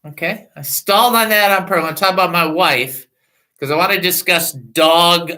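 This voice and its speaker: A man's voice: high voice, normal speed, poor audio. A man hosting a Christian call-in radio talk show, joking and laughing as he talks from a studio microphone. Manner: animated, laughing, joking asides.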